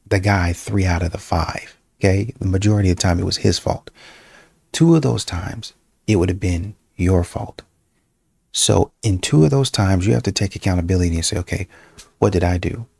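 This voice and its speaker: Man, casual advice monologue, husky, dark. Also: deep voice, normal speed, dry recording. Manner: preachy, direct, addresses viewers as y'all. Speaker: dating commentary host.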